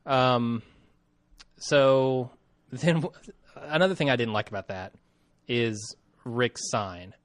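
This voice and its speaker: Male podcast co-host, mid pitch, dry close mic; relaxed, halting delivery. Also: no echo. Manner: easygoing, hesitant with fillers. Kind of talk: casual chat.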